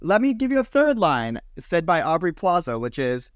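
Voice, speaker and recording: A man co-hosting a casual podcast chat, animated and mocking as he rants. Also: on the high side, normal speed, clear, resonant tone, dry recording, clean studio sound. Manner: animated, mocking movie lines in exaggerated readings. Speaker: podcast co-host.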